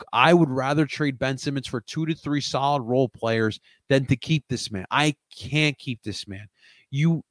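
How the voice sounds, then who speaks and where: Animated young man livestreaming sports talk. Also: on the high side, no echo. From Philadelphia. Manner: animated, rambling, swings between loud outbursts and mutters. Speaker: livestream host. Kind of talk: casual sports chat with chat.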